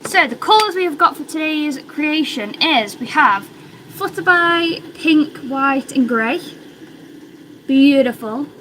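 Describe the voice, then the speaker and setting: Chatty British woman on a noisy stream. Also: on the high side. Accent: British English. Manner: chatty, rambling, excitable. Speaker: crochet livestreamer. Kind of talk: casual livestream chat. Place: home.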